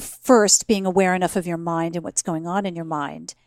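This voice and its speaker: A woman's voice: fairly low pitch, steady tone, normal speed, darkish tone, no room sound, studio quality. A woman interviewing her guest in a casual conversation, engaged and encouraging.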